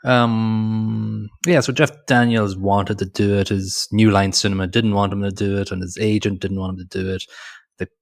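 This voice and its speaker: A man's voice: on the low side, steady tone, normal speed, gravelly. A man co-hosting a casual movie podcast, rambling and hesitant, with many restarts. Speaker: podcast co-host.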